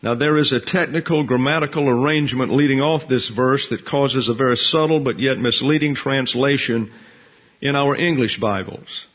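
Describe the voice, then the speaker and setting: A man gives an expository Bible lesson at a measured, deliberate pace, slowing further whenever he reads a verse aloud. His voice sits at an ordinary middle pitch. The recording sounds a little dull and muffled. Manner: measured, deliberate, slows to read scripture aloud. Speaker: pastor.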